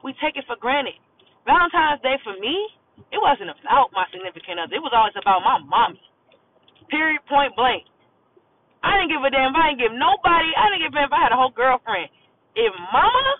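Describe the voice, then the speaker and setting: High-voiced man, blunt and rambling. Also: expressive, brisk. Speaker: vlogger. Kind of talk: casual monologue to camera. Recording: tinny phone-like audio with faint noise.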